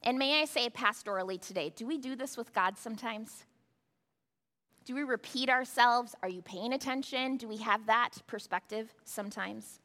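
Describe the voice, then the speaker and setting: With a pitch on the high side and a sharp tone at normal speed, a woman preaches as pastor. She talks conversationally and aims rhetorical asides at the congregation, and a long hall reverb fills the recording.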